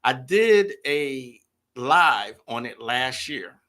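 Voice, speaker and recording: A man's voice: medium pitch, animated, extremely slow, pushed and bright. A man hosting a livestream, answering viewers in a casual, chatty way and talking to them directly. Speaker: livestream host.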